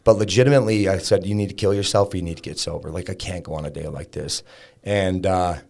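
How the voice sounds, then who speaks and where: A man's voice: deep voice, fast talker, vocal fry, darkish tone. A man telling a raw personal story as a podcast guest, frank and casual, swearing and peppering his talk with fillers. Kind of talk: candid personal storytelling in an interview.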